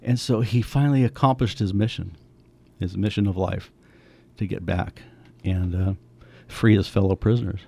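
An older man in his seventies with a low, gravelly voice tells a family story in conversation. His tone is dark and mellow, and he brings quoted people to life with animated voices. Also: moderate pace. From United States.

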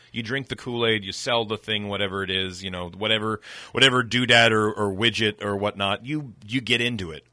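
Lower-pitched man with a radio-ready voice, chatty radio-show guest. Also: bright, forceful tone, dry recording. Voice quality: rich broadcast-style voice. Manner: chatty, storytelling, laughs often. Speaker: guest, distillery tour guide. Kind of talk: casual radio interview chat. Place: radio studio.

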